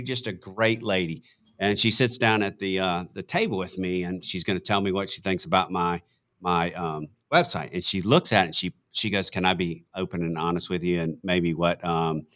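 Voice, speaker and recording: A man's voice: deep voice, fairly bright tone, clear, resonant tone. A man hosting a casual interview, telling stories and often laughing and affirming his guest. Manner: chatty storyteller, laughs often, affirms with "yeah". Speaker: host.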